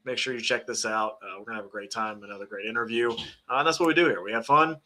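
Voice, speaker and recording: Bright-voiced man chatting on a podcast. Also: mid-range voice, fast. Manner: chatty, loose and joking, trails off and restarts. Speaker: podcast co-host. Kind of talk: casual chat.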